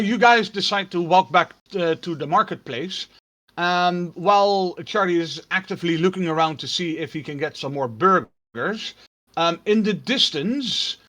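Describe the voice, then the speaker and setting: A man narrating as game master of a tabletop role-playing game in a relaxed, filler-heavy storytelling manner. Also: high-pitched, unhurried.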